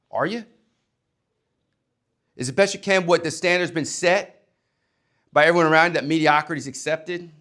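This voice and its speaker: A man and former coach giving a motivational talk to young people, emphatic, swinging between loud and hushed delivery. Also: fairly high pitch, normal speed, long pauses.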